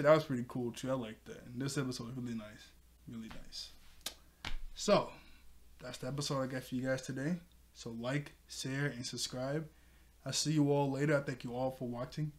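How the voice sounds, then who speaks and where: Young man, excitable reviewer, repeats himself, laughs often, mid-range voice. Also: medium pitch. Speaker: TV episode reviewer. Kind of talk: casual video review, retelling scenes.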